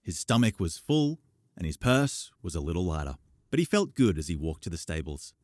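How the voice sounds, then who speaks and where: Man, audiobook narration, lowish voice, lively intonation, dry close sound. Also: moderate pace, no room sound.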